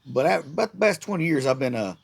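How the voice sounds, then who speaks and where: A man's voice: on the high side, animated, quick pace, gravelly. Middle-aged man, sarcastic, irreverent, rambling casual rant, repeated words. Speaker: vlogger.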